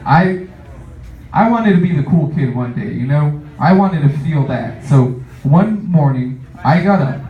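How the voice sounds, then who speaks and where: A man's voice: fairly high pitch, animated, measured pace. A young man doing a stand-up comedy set, rambling with lots of fillers and laughing at his own jokes. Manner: rambling, filler-heavy, self-amused. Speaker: stand-up comic. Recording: echoey room, distant muffled mic.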